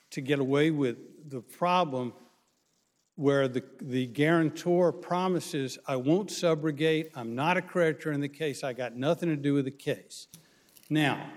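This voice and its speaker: A man arguing a case as a lawyer before a court, measured and halting with frequent restarts. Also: medium pitch, big-room sound. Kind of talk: courtroom oral argument.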